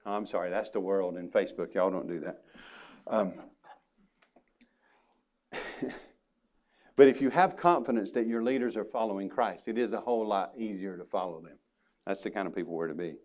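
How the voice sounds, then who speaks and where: A man's voice: fairly low pitch, darkish tone. Male pastor, earnest emphatic sermon delivery with folksy asides. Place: church sanctuary.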